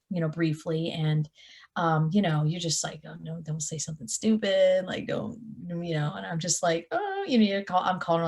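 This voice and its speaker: A young adult woman, a touring guitarist, chatting in an interview and acting out the people in her stories. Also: lowish voice. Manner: animated storyteller, acts out quotes. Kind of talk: casual interview chat.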